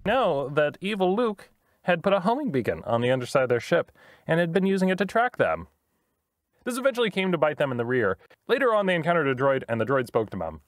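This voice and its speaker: A man recounts a tabletop campaign as the game master, playfully and with sound effects. His voice jumps around a lot in pitch. It is close and dry. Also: sing-song, fast, no echo. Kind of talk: comedic storytelling narration.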